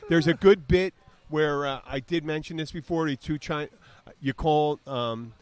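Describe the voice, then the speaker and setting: Speaking a little slowly in a higher-than-average voice, recorded dry, a Southern US man in his fifties hosts a podcast. His casual storytelling rambles, and he imitates the voices of the people he describes.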